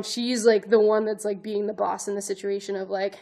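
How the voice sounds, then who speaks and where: Woman vlogging a personal story, earnest and rambly, says "like" a lot, pretty monotone. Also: mid-range voice, a little fast. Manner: rambling, heavy use of "like" fillers and restarts; earnest, emotional, self-conscious. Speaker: vlogger, advocate and educator.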